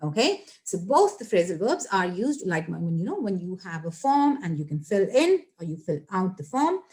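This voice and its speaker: A woman's voice: lowish voice, big pitch swings, normal speed, a little mellow. A young woman teaching English phrasal verbs in a chatty, repetitive way, addressing viewers directly. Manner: chatty, repeats points, addresses viewers as guys. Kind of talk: casual online grammar lesson.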